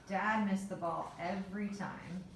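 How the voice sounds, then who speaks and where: Slow woman storyteller in echoey room. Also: mid-range voice, fairly even intonation, vocal fry, distant mic, a little hiss or hum. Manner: measured, unhurried storytelling. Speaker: voice interpreter reading a story aloud. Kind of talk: storybook narration.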